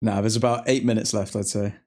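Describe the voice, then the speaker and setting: A man's voice: fairly low pitch, level tone, a little fast, darkish tone. A man hosting a football watchalong, reacting live to the match in chatty fan talk full of slang. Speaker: watchalong host.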